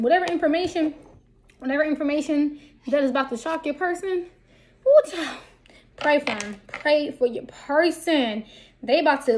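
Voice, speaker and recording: A woman's voice: high-pitched, slight background noise. A woman giving a casual tarot card reading to her viewers, talking bluntly and with plenty of profanity. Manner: blunt, profane, lively talk.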